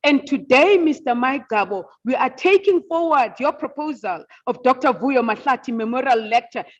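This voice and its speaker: A woman's voice: high voice, animated, normal speed. A woman moderating a virtual seminar, emotional and formal, with many fillers. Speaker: event moderator. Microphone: video call. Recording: dull lo-fi video call audio.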